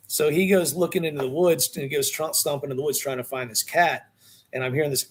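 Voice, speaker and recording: Animated male podcast guest telling stories. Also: fairly high pitch, moderate pace, breathy edge. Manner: animated, conversational, says "dude" often. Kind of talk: casual storytelling.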